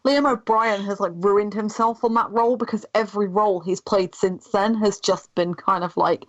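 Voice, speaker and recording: A woman's voice: mid-range voice, steady tone, moderate pace, no echo, dull audio. A woman chatting enthusiastically on a game podcast panel. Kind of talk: casual panel chat.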